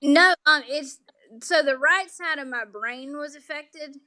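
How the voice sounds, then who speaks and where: This Southern woman's voice is high, bright and forceful, and she speaks unhurriedly. As a guest in a remote interview, she's courteous and patient in her explanations, using "um" frequently.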